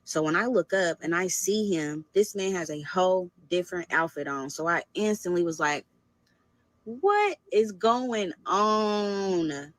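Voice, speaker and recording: A woman casually telling a dating story in an animated, conversational way. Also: on the low side, normal speed, few pauses, no echo.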